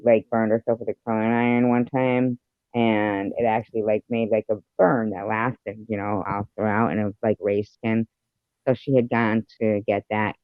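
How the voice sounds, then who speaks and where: A man's voice: on the low side, dry recording. A man hosting a livestream in a casual chat, rambling with many fillers and loose swearing. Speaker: livestream host. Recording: dry, dull lo-fi stream audio.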